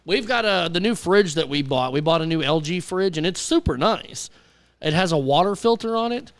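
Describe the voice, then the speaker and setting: A man's voice: on the high side, animated, moderate pace, clear, resonant tone, dry recording. A man co-hosting a casual talk show, joking around and chiming in with reactions. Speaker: radio show co-host. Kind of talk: casual chat.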